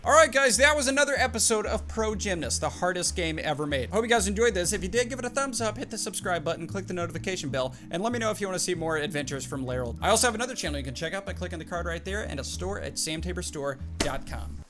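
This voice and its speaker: A young man narrates his gameplay with an animated, exclaiming manner. His voice sits high and swings widely in pitch. Faint music plays underneath. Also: fast, few pauses. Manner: animated, exclaims and laughs at the game. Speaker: gaming YouTuber. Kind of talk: excited gameplay commentary.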